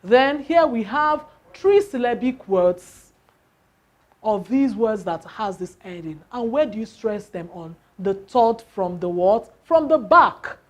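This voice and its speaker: Very slow-speaking woman teacher. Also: a little high, animated. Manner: asks questions and answers them herself; spells out letters and counts syllables aloud. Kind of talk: classroom lesson on word stress.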